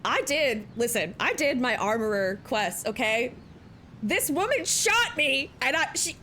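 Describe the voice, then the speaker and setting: A young woman streaming a game and reacting excitedly, gushing and exclaiming at the story. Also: fairly high pitch, moderate pace, slight background noise.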